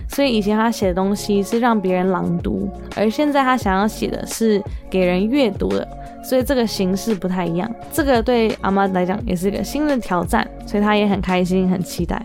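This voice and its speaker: A woman podcast host narrating a voice-over in a steady, explanatory way. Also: medium pitch, brisk, gravelly. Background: faint music.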